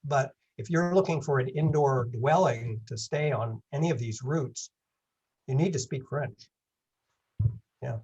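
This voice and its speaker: Husky man in his seventies. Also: mid-range voice, unhurried, a little mellow, highs cut off. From England. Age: 70s. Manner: rambling, self-correcting, wry humor. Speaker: guest speaker. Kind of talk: online presentation Q&A. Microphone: video call.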